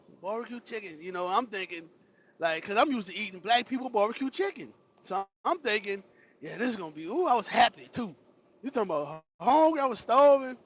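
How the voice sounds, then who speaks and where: A man's voice: high-pitched, muffled recording, slight background noise. A man hosting a livestream, casually telling a funny childhood story to his chat with laughter and cursing. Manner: animated, laughing, profane storyteller. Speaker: livestream host.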